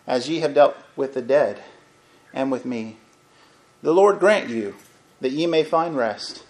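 Preacher, man, fairly high voice, fervent sermon, big swings between loud and hushed. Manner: swells loud then drops to a near hush, old-fashioned scripture reading.

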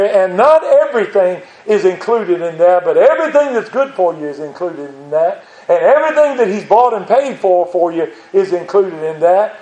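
A man's voice: high-pitched, animated, normal speed, few pauses, mellow, echoey room, rough recording. An older man preaching a sermon in a folksy, earnest way, rising to pleading emphasis.

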